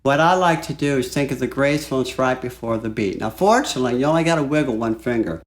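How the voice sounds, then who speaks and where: A man teaching flute in a relaxed, chatty way, walking through a piece and singing phrases aloud. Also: mid-range voice, fast talker. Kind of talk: music lesson. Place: home studio.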